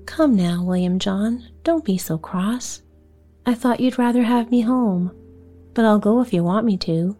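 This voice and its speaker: A woman's voice: mid-range voice, a little slow, dark tone, soft background music, close to an everyday voice. A woman voicing a kind, earnest poor boy who talks cheerily and reassuringly, in a bedtime story.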